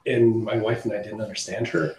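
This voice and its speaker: A man co-hosting a podcast, telling stories in a lively, animated way. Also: fairly low pitch, brisk. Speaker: podcast co-host. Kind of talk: casual storytelling chat. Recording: roomy room with faint noise.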